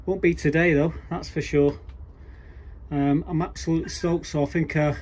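A man's voice: a little high, fairly even intonation, moderate pace, darkish tone. A man chatting casually to camera as he works his allotment garden, rambling along with dry, grumbling asides. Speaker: allotment vlogger. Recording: faint background noise outdoors. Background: faint outdoor ambience.

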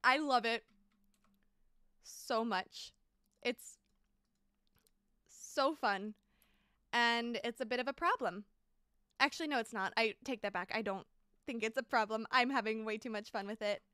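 Bubbly high-voiced young woman streamer. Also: a little slow, pauses often, smooth, dry recording, clean studio sound. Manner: bubbly, repeats exclamations, thanks chat excitedly. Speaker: game streamer. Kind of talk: casual live-stream chat while building in a game.

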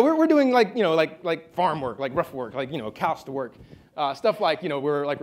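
A man giving an informal award acceptance speech, telling a story full of fillers and repeated words. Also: on the high side. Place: event hall.

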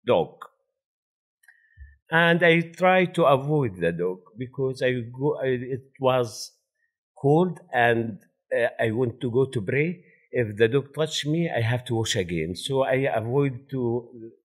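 Lively Arabic-accented man telling stories. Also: medium pitch. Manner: animated, laughing, non-native grammar. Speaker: panel speaker. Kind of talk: personal storytelling at a talk.

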